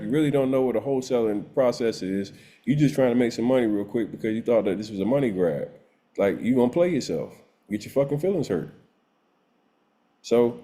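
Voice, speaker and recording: Blunt, profane man with a mellow voice. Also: on the high side. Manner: blunt, profane, exasperated, laughs often. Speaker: real estate coach. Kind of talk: unscripted rant to course students.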